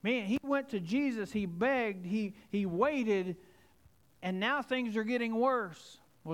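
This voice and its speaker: Man, pastor preaching a sermon, fairly high voice, dramatic shifts from soft to emphatic, long hall reverb. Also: slow.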